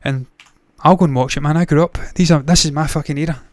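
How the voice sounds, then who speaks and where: A man's voice: fairly high pitch, fairly even intonation, fast talker, no echo, studio quality. Profane, rambling movie-news host, man. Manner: blunt, profane, rambling with tangents. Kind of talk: casual solo commentary.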